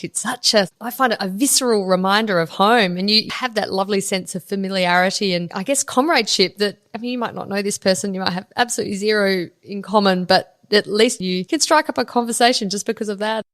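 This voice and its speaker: A woman's voice: mid-range voice, a bit bright, no echo, studio quality. An Australian woman hosting an interview, asking curious questions in a conversational way. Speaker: interview host.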